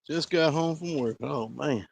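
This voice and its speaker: Gravelly man talking to his dogs. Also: on the high side, a little slow, slight background noise. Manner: easygoing, chatting with his dogs. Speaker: dog kennel owner. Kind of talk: casual vlog chat. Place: outdoor yard at a kennel.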